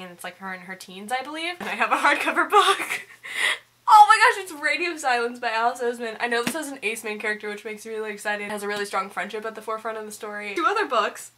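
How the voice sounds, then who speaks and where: Young female book vlogger, casual chat at home, bubbly and giggly, bright tone, slight hiss on the camera mic. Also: mid-range voice. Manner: bubbly and giggly, gushing with excitement.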